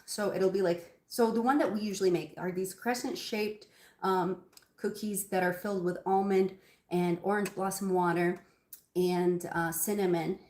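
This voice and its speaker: Chatty woman in an echoey kitchen. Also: on the low side. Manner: chatty, rambling, many ums, addresses viewers by name. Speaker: cooking livestream host. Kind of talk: casual live cooking chat. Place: home kitchen.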